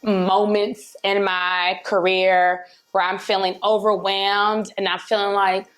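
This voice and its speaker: Woman guest, animated, chatty business talk, mid-pitched voice. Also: takes it slowly. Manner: animated, acts out quoted voices, laughs. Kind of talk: casual conversation.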